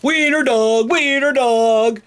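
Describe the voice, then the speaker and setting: A woman's voice: medium pitch, lively intonation, drawn-out words, a little mellow, voice pushed up. A woman reading aloud voices a pack of dogs, teasing and then pleading in fright. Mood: mocking.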